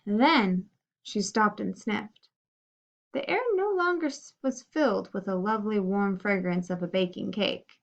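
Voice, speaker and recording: A woman reading a children's story aloud in an expressive, animated way. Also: medium pitch, measured pace, gravelly. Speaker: reader. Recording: dull lo-fi recording.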